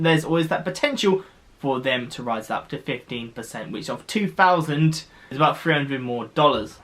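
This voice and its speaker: A man's voice: fairly high pitch, a bit bright. A man from the UK vlogging, explaining costs in a chatty, rambling way with restarts. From United Kingdom. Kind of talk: casual explainer to camera.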